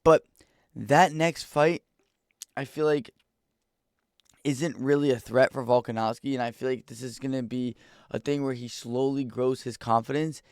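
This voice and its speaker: A young man giving a casual, excitable fight reaction, rambling in slang. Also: mid-range voice, moderate pace, pauses often, clear, resonant tone, dry recording, clean studio sound. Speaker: MMA reaction YouTuber.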